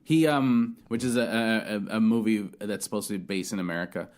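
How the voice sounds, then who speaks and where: A man's voice: lowish voice, brisk, a little mellow. Man, podcast host, casual movie review, rambling, swears a lot, restarts often. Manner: rambling, profane, many restarts and fillers.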